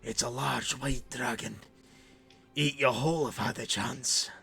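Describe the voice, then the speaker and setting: A frightened male dwarf who talks in loud, frantic bursts and high alarm, acted out by a man. The tone is bright and piercing. It sounds like a tabletop game master voicing a character. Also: steady tone, measured pace, gravelly, slightly rough, heavily acted. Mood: grave. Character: panicky male dwarf, fearful and jumpy.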